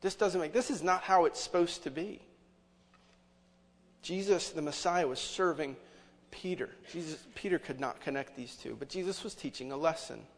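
A man's voice: fairly high pitch, normal speed. A man preaching a sermon as pastor, conversational, with many rhetorical questions to the congregation. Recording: long hall reverb.

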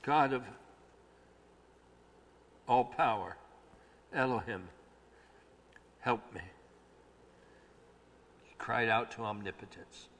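Slow, bright-voiced preacher in a hall. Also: male voice, medium pitch. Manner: dramatic swings from hushed to shouting; slow, drawn-out emphasis on key words. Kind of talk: sermon. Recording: long reverb of a large hall.

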